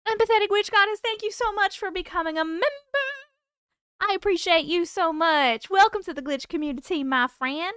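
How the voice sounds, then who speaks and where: A tired woman hosting a live stream at home, chatting casually and warmly greeting viewers by name as she reads their comments. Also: very high voice, fairly quick, no room sound, studio quality. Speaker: host.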